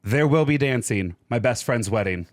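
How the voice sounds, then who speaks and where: Animated male podcast co-host. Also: mid-range voice, moderate pace, dry recording, clean studio sound. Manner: animated, riffing, slips into a theatrical mystic voice. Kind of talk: casual chat.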